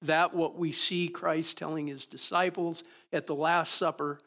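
Male pastor with a gravelly, slightly raised voice, preaching in an informal style full of rhetorical questions. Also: a little high, flat delivery, measured pace, pushed and bright. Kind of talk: sermon.

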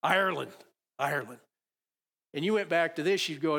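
A man's voice: a little high, normal speed, creaky, pauses often, fairly bright tone. A man preaching a sermon in a conversational, storytelling way, building to emphatic peaks. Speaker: pastor.

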